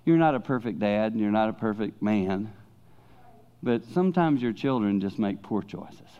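A man's voice: fairly low pitch, moderate pace, smooth, highs cut off. A middle-aged man, preaching a sermon as a traveling preacher, speaking candidly and telling stories with animation. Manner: candid, confessional, animated storytelling. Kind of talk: sermon to a youth congregation.

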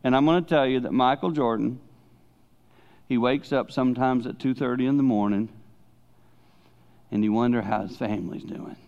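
A middle-aged male pastor preaching a sermon in a loose, conversational way. His pitch sits in a middle register, and he often drops to hushed tones for emphasis. The recording sounds dull and lo-fi. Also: normal speed, gravelly, pauses often. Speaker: pastor and speaker.

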